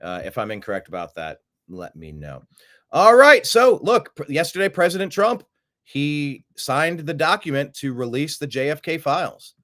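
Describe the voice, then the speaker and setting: A man's voice: a little high, very animated, normal speed, fairly bright tone. A man hosting a political commentary show, talking emphatically and sarcastically, often repeating words for effect. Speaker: host.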